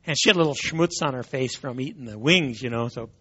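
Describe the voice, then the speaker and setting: A man's voice: mid-range voice, fast talker, pushed and bright, breathy edge. A man who speaks as a Christian apologist, telling a humorous story and often repeating words as he goes, in a dull lo-fi recording.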